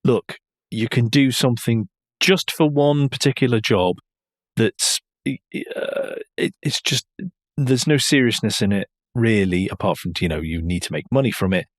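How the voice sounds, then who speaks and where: A man's voice: medium pitch, measured pace, no echo, clean studio sound. A man co-hosting a motoring podcast in casual chat, rambling and laughing often. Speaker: podcast co-host.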